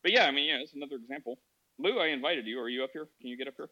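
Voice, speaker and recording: A man hosts a casual call-in show, his voice bright and forward. He talks calmly and rambles with fillers. The audio is dull and lo-fi. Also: medium pitch, rapid-fire. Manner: calm, chatty storytelling with many fillers. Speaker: podcast host.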